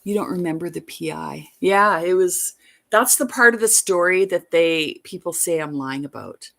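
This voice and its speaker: A woman with a low, gravelly voice tells a long story on her livestream. She rambles and doubles back, and she leans hard on the details she is certain of. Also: moderate pace, fairly bright tone. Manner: rambling, emphatic retelling. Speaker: livestream host.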